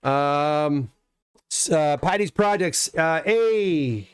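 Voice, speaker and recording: A middle-aged man from Canada talks through a live stream in a loose, rambling way, stopping to answer viewers. His voice sits a bit high for a man. The sound is dry and close, with no room echo. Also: expressive, very slow, smooth. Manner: rambling, chatty, reads chat comments aloud. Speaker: livestream host unboxing graded comics. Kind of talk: casual live-stream chat.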